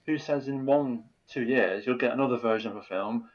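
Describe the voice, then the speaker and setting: A man's voice: mid-range voice, brisk, lo-fi sound. A man speaking as a podcast guest in casual film chat, rambling and enthusiastic, often saying you know.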